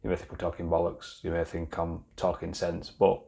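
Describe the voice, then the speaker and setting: A man's voice: low-pitched, monotone, a little fast, creaky, dark tone, breathy edge. A man with a Yorkshire accent reviewing a beard product in a casual, blunt, chatty way, swearing freely and restarting his sentences. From Yorkshire, England.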